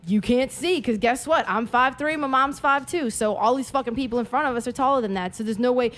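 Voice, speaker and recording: Profane, animated woman telling stories. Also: on the high side, fairly quick, faint music behind. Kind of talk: casual storytelling chat.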